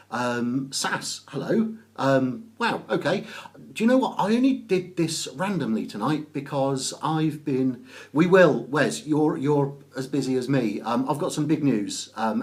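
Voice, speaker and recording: A man from Oxfordshire with an English accent, chatting casually on a live stream, greeting viewers by name and pausing often with ums. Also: medium pitch. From England. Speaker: business networking author.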